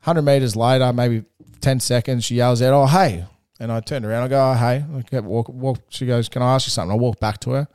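An Australian man co-hosting a podcast tells a rambling, laid-back story in casual chat, swearing freely. His mid-range voice is mellow, clear and resonant, fairly even in intonation and a little fast, recorded in a clean studio with no echo.

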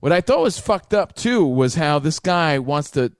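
A man co-hosting a radio talk show, chatting casually with animated, profane banter. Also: on the high side, normal speed, clean tone, no echo, studio quality.

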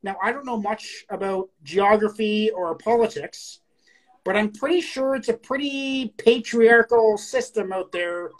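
A woman co-hosting a casual podcast, talking bluntly with lots of profanity and reading poems aloud slowly. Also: mid-range voice, rough recording. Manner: crude, blunt, profane talk. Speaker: podcast co-host. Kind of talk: casual chat.

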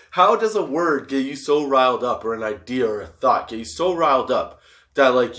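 A man's voice: medium pitch, fairly bright tone. A young man hosting a podcast, talking casually and rambling, swearing a lot and laughing often. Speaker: podcast host. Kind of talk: casual stoner monologue.

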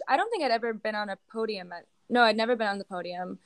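A woman's voice: mid-range voice, lively intonation, fast talker, no echo. A young woman answering interview questions casually, with lots of fillers and little laughs. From United States. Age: young adult. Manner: hesitant, many fillers and giggles. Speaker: guest, show jumping rider.

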